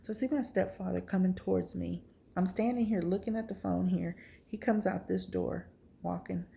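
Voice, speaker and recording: A woman's voice: on the low side, fairly even intonation, normal speed, vocal fry, warm tone, a little hiss or hum. A woman vlogger telling a personal testimony story, acting out her reactions with gasps.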